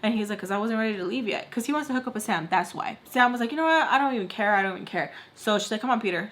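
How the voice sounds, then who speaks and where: A woman's voice: medium pitch, fairly bright tone. Young woman, casual storytime vlog, chatty, lots of "like", acts out quotes. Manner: chatty, heavy use of "like", acts out quoted lines. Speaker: vlogger.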